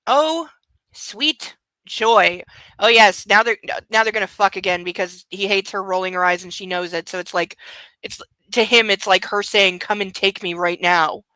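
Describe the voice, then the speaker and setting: A woman hosting a comic book-reading show, breaking in with sarcastic, deadpan asides about what she reads. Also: mid-range voice, moderate pace, dry recording, low-quality recording. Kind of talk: mocking commentary on a book.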